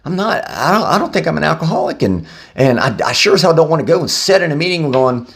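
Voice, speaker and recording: An angry young woman in disbelief, her voice climbing high as she protests, put on by a man retelling her words. She sounds exasperated and sure she has been wronged. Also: big pitch swings, fast, gravelly. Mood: indignant.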